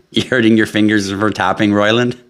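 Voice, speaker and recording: On his live crypto stream, a man with a very low yet fairly bright-toned voice addresses viewers with brash humor. He swears without restraint and reads their comments aloud.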